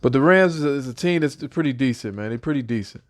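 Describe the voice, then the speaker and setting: A young man excitedly giving a casual football prediction as a fan, repeating himself and speaking loosely. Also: medium pitch, fast. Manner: excited, repetitive, talks like a fan. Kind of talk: casual sports prediction vlog.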